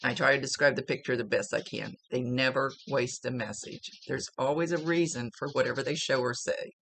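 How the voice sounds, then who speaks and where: A woman's voice: rumbling low, steady tone, fairly quick, gravelly, fairly bright tone, no echo. A woman working as a psychic medium, talking through a spiritual reading in a rambling, casual way, often searching for words.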